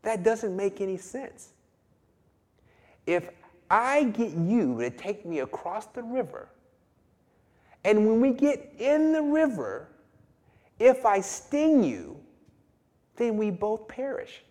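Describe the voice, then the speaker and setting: A man's voice: high voice, big pitch swings, slow, long pauses, darkish tone, voice pushed up, exaggerated voice. A man voicing a sly, persuasive male scorpion who talks his way onto a ride, in a sermon fable. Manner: coaxing, reasoning, matter-of-fact. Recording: long hall reverb.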